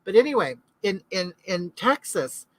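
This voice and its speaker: A woman's voice: mid-range voice, very animated, unhurried, no echo, rough recording. A middle-aged woman from California, hosting a casual live chat in a rambling way and answering viewers' comments. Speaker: livestream host.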